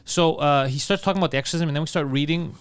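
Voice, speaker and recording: A man's voice: a little high, clean tone. A man co-hosting a comedy podcast, telling a story in casual comic style and acting out the lines of his friends. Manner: rapid, animated, acts out quoted friends. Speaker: podcast co-host.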